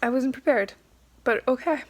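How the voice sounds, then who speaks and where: Young woman, slightly high voice, casual vlog chat, giggly, lots of fillers. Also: moderate pace. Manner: chatty and giggly, heavy on fillers. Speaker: book vlogger.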